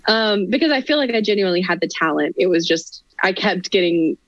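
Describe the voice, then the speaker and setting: A woman guest on a podcast interview, telling stories in an animated, chatty way. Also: lowish voice, a little fast, no echo, highs cut off. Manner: animated, chatty, frequent laughter. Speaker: guest performer. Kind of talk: casual interview storytelling.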